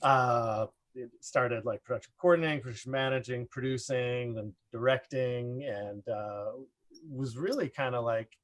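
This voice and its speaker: A middle-aged man telling a casual story as a podcast guest, rambling and animated, full of "like" fillers. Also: medium pitch, unhurried. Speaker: podcast guest, production designer.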